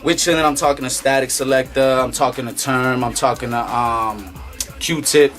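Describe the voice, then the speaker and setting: A man's voice: mid-range voice, normal speed, soft background music. A man casually telling a story in streetwise slang, acting out what people said. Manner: animated, streetwise slang, acts out quotes.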